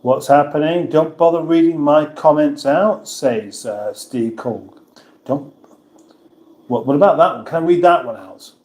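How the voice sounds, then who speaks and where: A man's voice: a little high, measured pace, darkish tone, reverberant. A man hosting a casual livestream, reading viewers' comments aloud and answering them in a chatty, self-mocking way. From England. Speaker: livestream host reading chat.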